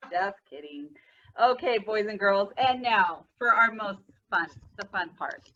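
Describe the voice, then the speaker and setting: Bright, animated woman leading a school assembly. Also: a little high, slow, distant mic, muffled recording. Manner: animated, playful, talks to children. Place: school room, indoors.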